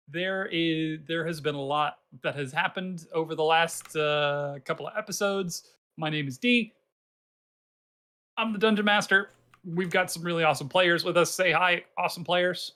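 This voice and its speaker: A playful, excitable dungeon master chatting casually with players before a tabletop game. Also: mid-range voice. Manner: playful, excitable, talks over others.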